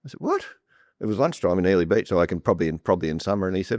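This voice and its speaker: A man's voice: deep voice, expressive, racing, a little mellow, no echo, studio quality. A man talking as a guest on a property panel, telling stories bluntly with lots of restarts. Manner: repetitive restarts, blunt and plain-spoken. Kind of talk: conversational storytelling on a panel. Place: room with a live audience.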